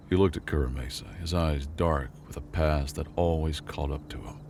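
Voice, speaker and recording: Deep, gravelly male storyteller. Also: steady tone, normal speed, few pauses, background noise. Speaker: narrator. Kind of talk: scripted sci-fi story narration.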